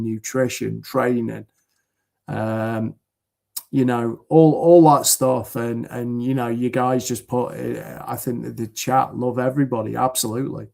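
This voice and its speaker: A man's voice: mid-range voice, vocal fry, darkish tone. A man from the UK, a podcast guest, talking in an earnest, rambling way with many fillers over a video call. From United Kingdom. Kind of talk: casual chat.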